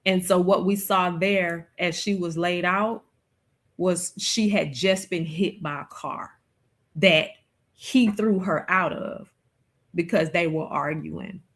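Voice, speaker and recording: A woman hosting a livestream, talking slowly and reflectively in a casual chat with plenty of fillers. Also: on the low side, fairly even intonation. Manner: slow, reflective, conversational with many fillers. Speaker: streamer host.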